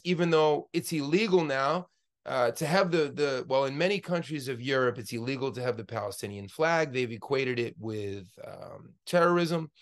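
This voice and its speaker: A man in his forties giving an online class lecture as the instructor, impassioned and rambling, with many fillers and restarts, into a computer mic on a video call. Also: a little high. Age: 40s.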